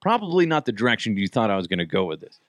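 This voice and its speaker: Animated, rambling male podcast host. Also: fairly low pitch, racing, no room sound, studio quality. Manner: rambling, animated, swearing freely. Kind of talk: casual comedic monologue.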